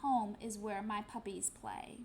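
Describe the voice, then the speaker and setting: Lady doing a friendly mama sled dog, lower voice, slow rhymes. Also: steady tone, gravelly, a little mellow, slight background noise.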